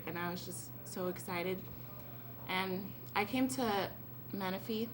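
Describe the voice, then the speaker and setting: A woman's voice: mid-range voice, measured pace. Giggly teenage girl at a noisy ceremony. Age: late teens. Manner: giggly, rambling, breathless. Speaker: honored student. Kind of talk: tearful-happy thank-you speech. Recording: noisy event recording.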